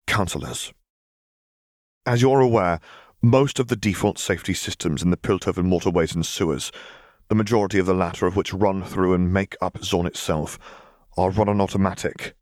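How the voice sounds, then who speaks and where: A man's voice: low-pitched, moderate pace, a little mellow, dry recording, studio quality, natural voice. A man voicing a composed young female sheriff who speaks tensely, as if through a clenched jaw. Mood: explaining.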